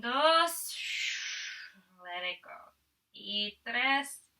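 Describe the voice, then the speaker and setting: A woman teaching a family yoga class. She gently guides each pose step by step and counts the breaths. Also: fairly high pitch, extremely slow, vocal fry, far from the mic, rough recording. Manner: calm step-by-step guiding, counting breaths, switching between English and Spanish. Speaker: yoga instructor.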